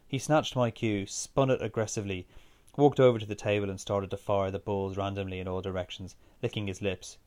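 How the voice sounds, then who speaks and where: A man reading a first-person story aloud in a steady, measured way. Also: fairly low pitch. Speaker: narrator.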